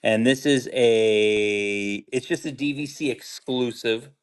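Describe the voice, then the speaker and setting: A man hosts a livestream selling pins, chatting casually and calling out auction items. He rambles enthusiastically and often restarts his sentences, in a smooth, mid-range voice at a slow pace.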